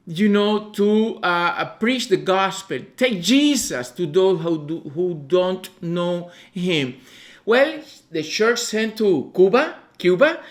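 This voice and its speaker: A man preaching in a church, telling a story in a halting way with many pauses and filler sounds. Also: sits high, fairly bright tone. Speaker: guest preacher. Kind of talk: storytelling sermon.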